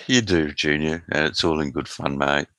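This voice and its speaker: Laid-back Australian male streamer, very deep and forceful, dry close sound. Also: normal speed, no room sound. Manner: laid-back, swears freely, chats with viewers. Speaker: live stream host reading chat. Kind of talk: casual live-stream chat. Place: at home in South Australia.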